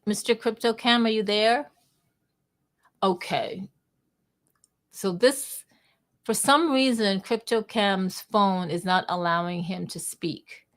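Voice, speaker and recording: Casting: playful, talkative woman host of a live audio space, average pitch. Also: takes it slowly, pauses often. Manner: bubbly, chatty, playful. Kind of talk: casual online audio chat.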